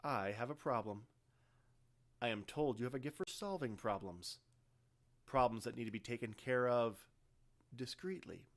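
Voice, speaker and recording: A man voicing a calculating male corporate leader who speaks in a quiet, measured way. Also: medium pitch, lightly acted. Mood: scheming.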